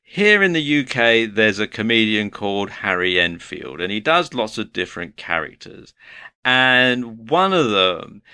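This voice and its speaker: A man's voice: lowish voice, sing-song, unhurried, sharp tone, clean tone, no echo, clean studio sound. A man giving a motivational lecture, earnest and advice-giving, working through his points one by one. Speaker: online course instructor.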